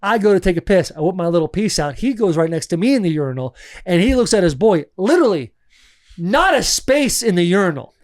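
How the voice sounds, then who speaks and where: A man's voice: sits high, brisk. A man co-hosting a podcast, telling stories in casual chat and acting out what people said, cursing freely. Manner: animated storyteller acting out quotes, swears freely. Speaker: podcast co-host.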